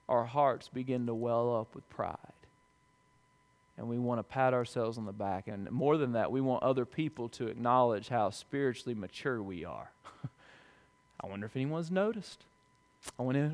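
A man pastor delivering a sermon in a conversational way, asking the congregation questions and moving between hushed, quiet asides and emphatic, louder swells. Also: on the high side. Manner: conversational preaching with rhetorical questions.

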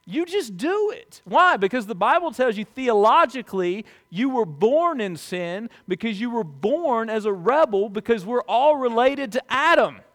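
A man pastor delivering a sermon in a conversational way, asking the congregation questions and moving between hushed, quiet asides and emphatic, louder swells. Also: very high voice, lively intonation, normal speed, few pauses. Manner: conversational preaching with rhetorical questions.

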